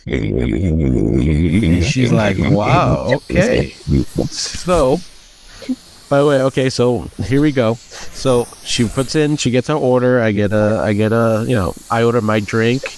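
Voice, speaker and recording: A man co-hosting a podcast, chatting casually and telling a story, acting out the people in it with lively changes of voice. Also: mid-range voice, normal speed, a little hiss or hum. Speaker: podcast co-host.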